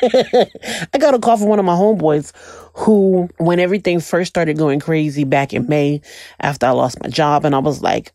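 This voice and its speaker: A young woman, telling a profane, animated story in a casual monologue. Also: low-pitched, moderate pace, no echo, clean studio sound. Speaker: commentator.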